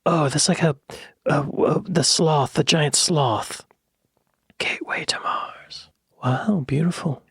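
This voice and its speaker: A man hosting a reaction video. He talks in a playful, joking way and often drops into soft whispered asides. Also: a little high, slow, vocal fry, breathy edge, no echo, clean studio sound. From United States. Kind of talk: casual reaction commentary.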